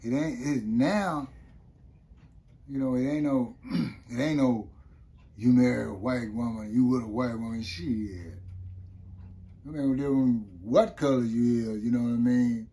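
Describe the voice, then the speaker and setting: In an unhurried, warm, medium-pitched voice, an older former prisoner tells rambling stories about being locked up. He is the guest in a casual storytelling interview and often adds "you know what I mean".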